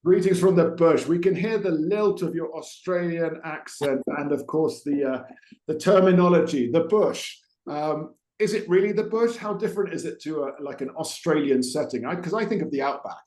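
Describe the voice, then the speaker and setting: A man with a somewhat high, darkish voice hosts a podcast interview at a normal pace, and the recording has a roomy echo. He's chatty and digressive, full of fillers and restarts.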